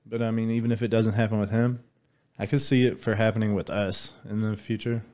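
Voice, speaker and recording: A man's voice: lowish voice, flat delivery, brisk, warm tone. A man with a Southern US accent, chatting casually as a podcast guest in a loose, rambling way full of filler words.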